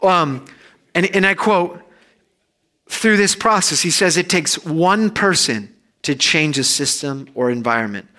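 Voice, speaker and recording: Bright-voiced man preaching a sermon. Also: lively intonation, unhurried. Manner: conversational preaching, swells loud and high then drops soft and low. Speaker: pastor. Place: church.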